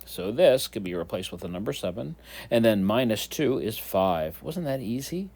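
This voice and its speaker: A man's voice: fairly low pitch, lively intonation, moderate pace, a little mellow, breathy edge. A man teaching a whiteboard math lesson, in a playful, jokey voice that talks to the students like kids.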